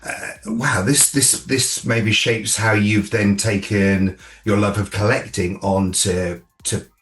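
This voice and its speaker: A man's voice: fairly low pitch, fairly even intonation, slow pace, a bit bright, echoey room, a little hiss or hum. A man hosting an interview, encouraging his guest and laughing along in casual chat. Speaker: interview host.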